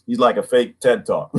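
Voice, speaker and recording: Animated husky man talking to viewers. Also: mid-range voice. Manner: animated, talks to viewers and reads comments aloud. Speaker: livestream host. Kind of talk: casual livestream monologue.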